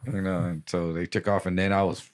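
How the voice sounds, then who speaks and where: A man's voice: deep voice, flat delivery, a little fast. An older man telling crude stories in a casual podcast chat, laughing as he talks. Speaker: podcast co-host. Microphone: studio mic.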